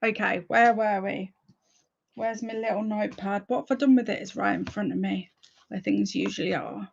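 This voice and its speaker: A woman's voice: medium pitch, fairly even intonation, moderate pace, vocal fry, dull audio. A woman hosting a casual livestream, chatting and thinking aloud as she goes. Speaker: livestream host.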